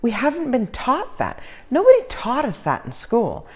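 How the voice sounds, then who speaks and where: A woman's voice: fairly high pitch, wildly swooping pitch, normal speed, a little mellow. A woman teaching a casual self-help lesson, earnest and encouraging, with folksy asides. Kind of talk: informal motivational lesson.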